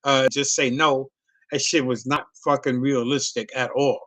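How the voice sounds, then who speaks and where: A man's voice: mid-range voice, little pitch movement, normal speed, a bit bright, no echo. A middle-aged man, a comedian, telling a long profane story in a loose, rambling way. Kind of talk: casual storytelling on a video call.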